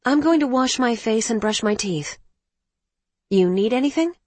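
A woman reading an audiobook, voicing a blunt, protective young woman friend who talks briskly. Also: fairly high pitch, expressive, darkish tone, no echo, pitched above the performer's own voice. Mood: caring.

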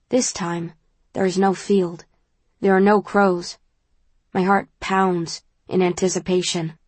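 A woman reading a novel aloud in the first person, in a calm and measured way. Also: on the low side, no room sound. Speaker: audiobook narrator.

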